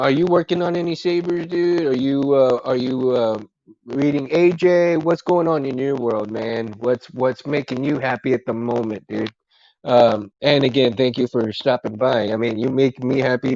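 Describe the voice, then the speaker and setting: Laid-back male stream host, gravelly voice, dry close sound, rambling casual chat. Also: medium pitch, a little mellow, no room sound, highs cut off. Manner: rambling, friendly, calls everyone dude and man.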